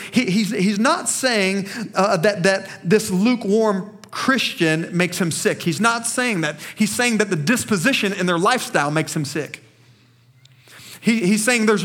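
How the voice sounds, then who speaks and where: A man with a notably high voice preaches with fervor from the pulpit of a small church. He talks emphatically, stumbles over repeated words as he pushes his point, and keeps calling on the congregation to respond. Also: fairly bright tone. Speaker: pastor. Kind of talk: sermon.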